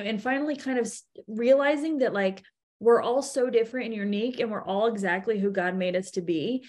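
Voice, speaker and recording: A woman in her thirties, a podcast guest, telling stories about her daughters in an animated way and acting out what people said. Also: a little high, fairly quick. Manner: animated storytelling, acts out quotes. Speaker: podcast guest, event co-founder. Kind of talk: casual interview chat.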